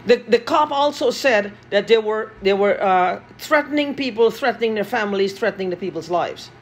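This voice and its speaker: A husky woman, in an agitated vlog monologue. Her voice sits fairly high, and she swears and repeats phrases over and over. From Guyana. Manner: agitated, profane, repeating herself.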